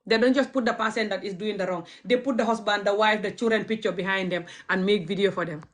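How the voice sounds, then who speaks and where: A woman's voice: mid-range voice, steady tone, quick pace. A woman vlogger, not a native English speaker, ranting bluntly to camera and repeating her points over and over. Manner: blunt, repetitive, stubborn. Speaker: activist vlogger. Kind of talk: impassioned rant to camera.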